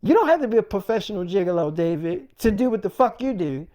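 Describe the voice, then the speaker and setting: A man's voice: high-pitched, big pitch swings, quick pace, warm tone. A man putting on a jealous, scolding girlfriend. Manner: scolding, profane, exasperated. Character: jealous angry young woman, girlfriend.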